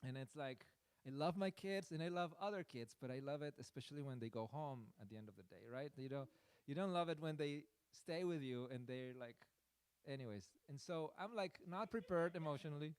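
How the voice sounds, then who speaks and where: A man's voice: a little high, lively intonation, brisk, a little mellow, clean tone, dry recording. A man preaching a sermon through a personal story, in a rambling, self-deprecating way with many fillers.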